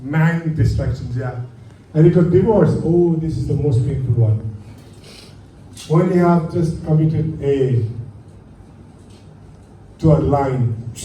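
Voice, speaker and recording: A man giving an aviation lecture to a class, lively and full of rhetorical questions. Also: medium pitch. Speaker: aviation instructor. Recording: echoey room from far off, faint hum.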